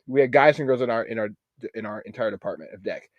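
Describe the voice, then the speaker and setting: A man in his thirties, a guest on a casual podcast, telling stories in an animated, profane way. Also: medium pitch, quick pace, dry recording, dull audio. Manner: animated, profane, acts out quoted voices. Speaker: guest, Navy veteran.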